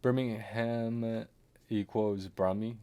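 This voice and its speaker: This game streamer takes things slowly, his lowish voice mellow and clean with fairly even intonation. His laid-back commentary wanders, often fading into muttered remarks and chuckles.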